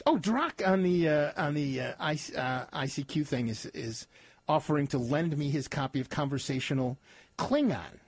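Man, radio host, casual rambling chat, self-mocking, laughs a lot, fairly high voice, dry close studio sound. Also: lively intonation, normal speed, husky, no echo.

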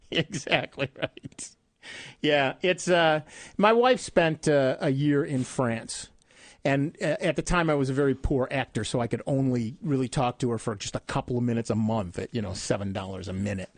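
A man's voice: medium pitch, moderate pace, dry recording. Middle-aged male radio host, chatty. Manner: chatty storyteller, laughs often, self-deprecating. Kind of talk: casual on-air chat. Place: radio studio. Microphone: studio microphone.

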